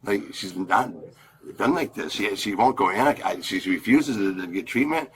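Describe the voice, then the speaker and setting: A man's voice: fairly low pitch, moderate pace. A man telling police about a fight at home, rambling and repeating what he said, recorded on a body camera. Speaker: complainant. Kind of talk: real bodycam statement.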